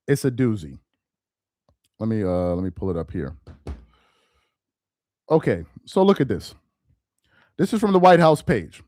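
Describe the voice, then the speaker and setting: A man hosting a live-stream commentary, reading aloud slowly with heavy emphasis and mocking what he reads. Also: medium pitch, darkish tone, dry recording, clean studio sound. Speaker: political commentary host.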